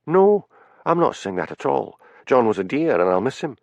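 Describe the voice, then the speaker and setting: A man plays a haughty actress who answers in clipped, indignant bursts. Her voice sits a touch above his low, gravelly tone, with lively swings in pitch. It sounds close and dry, like a storybook reading. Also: moderate pace, no room sound. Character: haughty middle-aged woman actress, defensive.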